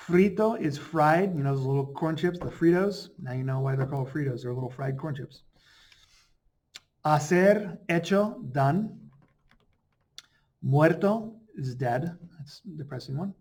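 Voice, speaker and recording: A man teaching a Spanish grammar lesson in a relaxed, chatty way, slowing down to pronounce example words. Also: fairly high pitch. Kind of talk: casual explanatory lesson.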